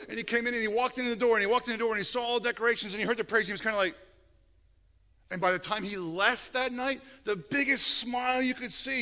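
A middle-aged male pastor preaching a sermon, animated and emphatic, with frequent restarts. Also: very high-pitched, fast. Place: church sanctuary. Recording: long reverb of a church hall.

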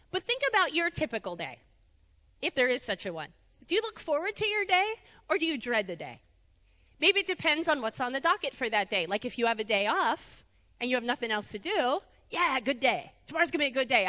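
A woman giving a conversational sermon in a church, animated and chatty, laughing easily. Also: high voice, a little fast, in a large hall. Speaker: preacher. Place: church sanctuary.

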